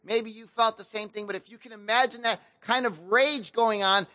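A man pastor retelling a scripture story in relaxed, slangy speech, with a high and bright voice. He speaks with lively, animated emphasis. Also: normal speed, no echo. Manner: casual slang-laced preaching, animated storytelling. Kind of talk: sermon.

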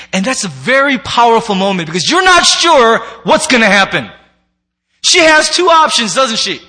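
A man's voice: very high voice, sing-song, normal speed, bright, forceful tone. A man preaching a sermon to a congregation, conversational and playful, slipping into acted asides. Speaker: pastor. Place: church sanctuary before a congregation.

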